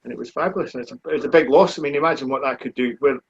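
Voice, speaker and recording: A man in his forties with a Scottish accent, a speedway rider answering questions in a relaxed, plain-spoken way during a live online chat. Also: medium pitch, racing, slightly rough. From Scotland. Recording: dull, muffled lo-fi stream audio.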